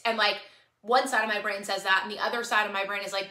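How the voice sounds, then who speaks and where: Her voice mid-range, bright and forceful with a level tone, a woman talks fast on her live stream, tearfully pleading with her followers and repeating herself. The room she's in echoes.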